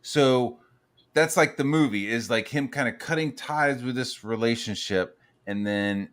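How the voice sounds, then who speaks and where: A man in a loose, casual chat, rambling through stories with plenty of swearing and animated asides. His voice sits at an ordinary middle pitch for a man. He talks like he is hanging out with friends. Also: measured pace. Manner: profane, rambling, animated storytelling. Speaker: podcast host.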